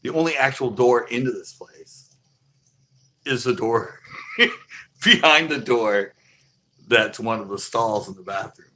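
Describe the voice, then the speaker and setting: A man's voice: mid-range voice, slow, pauses often, pushed and bright. A man telling a long casual anecdote, rambling with many fillers and chuckling as he goes. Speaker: storyteller.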